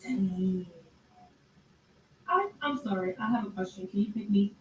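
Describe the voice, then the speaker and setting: A woman's voice: mid-range voice, a little mellow. Sarcastic woman in an echoey room. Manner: sarcastic, conversational, drawn-out asides. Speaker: commentator. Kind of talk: casual commentary. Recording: echoey room, distant mic, faint noise.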